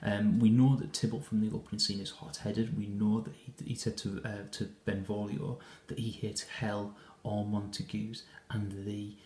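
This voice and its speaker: A man's voice: lowish voice, flat delivery, moderate pace, hardly any pauses, warm tone, echoey room. A man teaching a lesson, walking through a scene of a play in an explanatory way with frequent hesitations and restarts. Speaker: English teacher.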